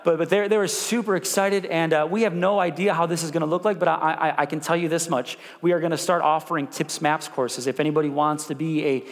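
A man's voice: fairly high pitch, quick pace, few pauses. Preaching male pastor in a reverberant hall. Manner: animated preaching with call-and-response. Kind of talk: sermon. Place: church sanctuary.

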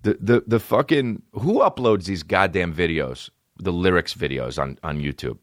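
A man hosting a podcast, telling stories in a rambling, swearing, comedic way and breaking into high, silly voices. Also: lively intonation, normal speed, dry recording, studio quality. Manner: swearing, rambling, jumps into high-pitched impressions. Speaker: podcast host. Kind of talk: casual comedic rambling monologue.

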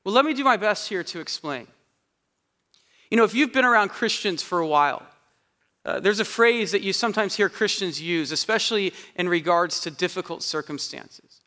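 Male pastor, high bright voice, earnest sermon, hushed slow emphasis, hall reverb. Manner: earnest, slows and softens on key verses.

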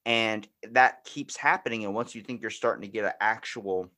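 A man's voice: fairly low pitch, moderate pace, bright, forceful tone. A man hosting a podcast in casual chat, blunt and free with swearing, acting out past conversations. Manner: blunt, swears freely, acts out quoted exchanges. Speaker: podcast host.

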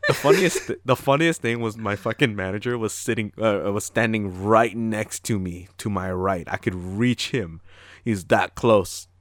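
A man's voice: fairly low pitch, moderate pace, no echo, clean studio sound. A man chatting casually and telling a story, acting out voices and swearing as he goes. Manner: storytelling with acted-out voices, swearing, laughing often. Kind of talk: casual chat.

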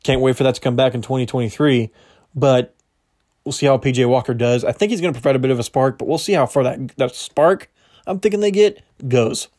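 A man's voice: mid-range voice, fairly quick, darkish tone. A young man hosting a solo sports podcast, talking casually, correcting himself often, his voice a little strained. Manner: casual, rambling, self-correcting, laughs at himself. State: slightly strained voice. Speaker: podcast host.

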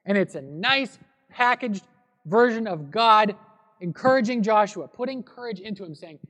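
A man with a high, fairly bright voice preaches a sermon at a moderate pace, retelling a story expressively in an easygoing, conversational way, more like a pastor chatting with his congregation than orating. A long reverb from a large church hall trails his voice.

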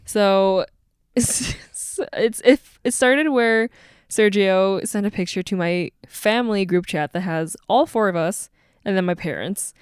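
A woman's voice: mid-range voice, a little slow, clean tone, no room sound, studio quality. A young woman co-hosting a podcast at home, telling a story in a casual chat with frequent giggles. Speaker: podcast co-host.

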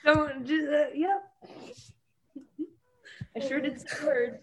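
A woman in a casual group chat, making wry, quick asides. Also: high voice, steady tone, noisy background. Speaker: voice actor on the show.

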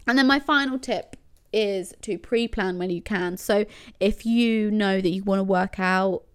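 A young woman chatting casually through organising tips in a rambling, self-deprecating way. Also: medium pitch. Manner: rambling, self-deprecating, full of fillers like "do you know what I mean". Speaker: lifestyle vlogger. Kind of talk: casual chatty advice vlog.

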